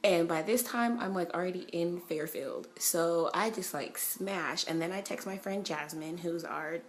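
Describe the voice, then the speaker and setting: A woman's voice: on the low side, unhurried. Chatty young woman telling a story. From California. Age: young adult. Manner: excited, chatty, swears freely, lots of "like". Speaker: vlogger. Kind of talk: casual storytime vlog.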